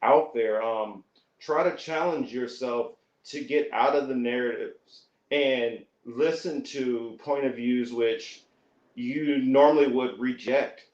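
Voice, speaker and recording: A man's voice: medium pitch, slow pace, darkish tone. A man talking as a podcast guest in casual chat, hesitant and earnest. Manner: hesitant, many fillers and restarts, earnest. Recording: echoey, dull lo-fi audio.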